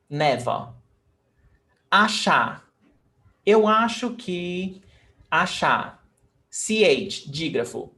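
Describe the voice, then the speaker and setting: Brief: male teacher, slightly high voice, slow, patient, spells and repeats. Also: a bit bright. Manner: patient, repeats words slowly and spells letters out. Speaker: Portuguese teacher. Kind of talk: online language lesson.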